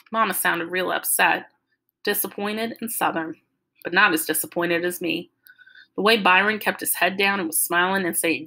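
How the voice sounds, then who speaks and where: A woman reads a chapter of a novel aloud with lively, expressive storytelling. Her voice is bright and forward. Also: mid-range voice, moderate pace, rough recording. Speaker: audiobook reader.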